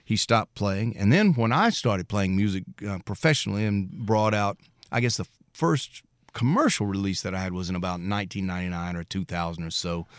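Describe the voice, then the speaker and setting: Folksy musician telling stories. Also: male voice, on the low side, lively intonation, brisk, no room sound. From Mississippi, US. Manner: rambling, folksy, anecdotal. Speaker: musician guest. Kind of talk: storytelling interview.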